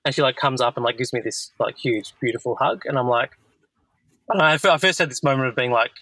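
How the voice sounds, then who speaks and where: A man in his thirties hosts a relaxed podcast conversation, wandering through his thoughts and leaning on filler words. His voice is bright and forceful. The sound is dry and close. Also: medium pitch, fast, no echo, rough recording. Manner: rambling, heavy use of filler "like". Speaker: podcast host. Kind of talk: casual conversational chat.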